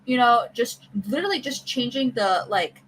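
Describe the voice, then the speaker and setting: Bright-voiced chatty woman podcast host. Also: a little high, normal speed, a little hiss or hum, rough recording. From American South. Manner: chatty, animated storytelling with voice play. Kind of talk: casual chat.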